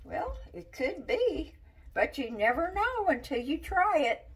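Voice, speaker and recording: A chatty woman cooks in her home kitchen and talks straight to her viewers in a relaxed, folksy way. Her pitch moves about in a lively manner while she speaks slowly. She sits a little back from the mic, with faint noise behind her. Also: far from the mic. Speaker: cooking vlogger. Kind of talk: casual cooking demonstration.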